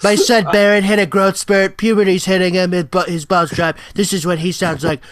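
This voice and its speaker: A man's voice: high-pitched, flat delivery, a little fast, fairly bright tone, no room sound. A man putting on an impression of a boastful older ex-president, rambling and crude. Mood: bragging. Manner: rambling, self-praising, crude.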